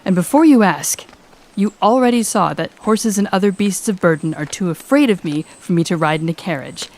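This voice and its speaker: A cold, sardonic demon lady, a reformed villain with a low voice and a curt, cutting, sarcastic way of talking, as a woman acts her out. She speaks in an audio role-play. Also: lively intonation, brisk, a little mellow. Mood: grudging.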